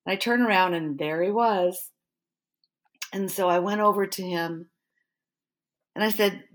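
A woman's voice: medium pitch, moderate pace, long pauses. A middle-aged woman, a pastor and author, telling a personal story in an interview and acting out the dialogue and her own thoughts. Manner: animated, acts out remembered inner thoughts and dialogue.

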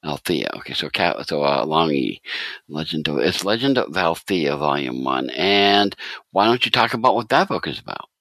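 Deep-voiced host, bright and dry. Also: male voice, sing-song, normal speed, no room sound. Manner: enthusiastic, effusive praise, stammering restarts. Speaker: podcast host. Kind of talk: casual interview talk.

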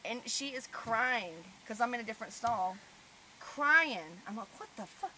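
A woman, a mother hosting a casual podcast chat and telling stories with lively swings in loudness. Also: on the high side, a little slow, slight background noise. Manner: animated storyteller, swings loud when telling stories.

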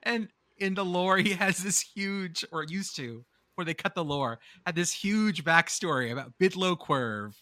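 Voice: medium pitch, moderate pace, few pauses, sharp tone, dry recording. A podcast host in casual banter, rambling and joking, swearing freely.

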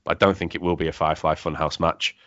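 A man hosting a casual wrestling podcast chat, talking quickly with lots of fillers and restarts. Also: extremely low pitch, flat delivery, fairly bright tone, no echo. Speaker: podcast host. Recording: dull lo-fi sound, dry.

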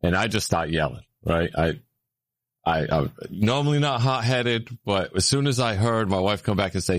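A man telling a story in casual chat, with lots of fillers, getting louder and higher when he gets worked up. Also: moderate pace, dry recording. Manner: animated, rising when worked up, many fillers.

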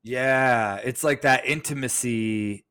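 A man's voice: medium pitch, slow pace, pushed and bright, smooth. A man co-hosting a casual chat show, joking and teasing as he keeps pressing his point. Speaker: podcast co-host.

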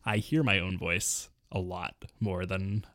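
Low-voiced, easygoing male podcaster, dry sound. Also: steady tone, measured pace, fairly bright tone, no room sound. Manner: easygoing, laughs often, filler-heavy. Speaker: podcast co-host. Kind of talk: casual chat.

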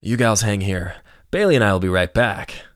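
Narrator doing cocky young jock, brash and pushy, playful, low voice, dry close sound. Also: male voice, animated, moderate pace, no room sound, natural voice. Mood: eager. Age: young adult. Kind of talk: audiobook character voice.

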